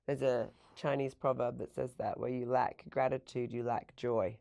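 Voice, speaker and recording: A woman with an English accent, talking as a podcast guest in an upbeat, chatty way with quick asides. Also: rumbling low, steady tone, gravelly, dark tone. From England. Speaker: podcast guest, fitness coach. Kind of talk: casual chat.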